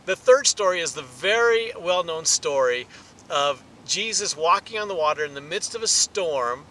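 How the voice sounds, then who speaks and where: High-voiced animated preacher man. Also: normal speed, slight background noise, poor audio. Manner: animated, rises in pitch and volume for emphasis. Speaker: pastor. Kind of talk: sermon teaching.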